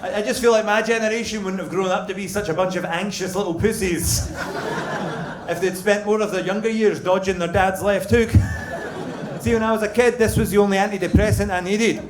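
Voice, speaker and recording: A Scottish man with a fairly high voice tells crude, deadpan stories from a club stage, punching up the lines loudly. The sound rings around a live room, and audience laughter and chatter fill the gaps. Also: fairly quick, reverberant, background noise. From Scotland. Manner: crude, deadpan storytelling with sudden loud punchlines. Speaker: stand-up comedian. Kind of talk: stand-up comedy set.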